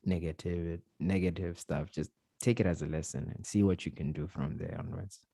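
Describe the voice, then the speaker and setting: A man's voice: low voice, moderate pace, vocal fry, no echo. A man hosting a casual podcast chat, telling stories with lots of slang and laughter. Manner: animated storytelling with slang and laughter. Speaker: podcast host.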